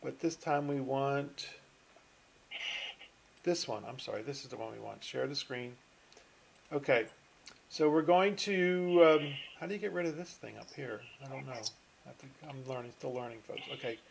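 A high-voiced middle-aged man lectures to an online class through his computer mic. He talks chattily and rambles, trailing off into fillers and restarting his sentences. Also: normal speed, creaky, slight background noise. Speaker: finance professor. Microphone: computer mic on a video call.

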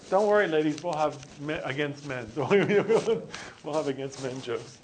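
A man's voice: on the high side, expressive, unhurried, slight background noise. A male teacher giving a classroom lecture, joking with students and correcting himself as he rambles.

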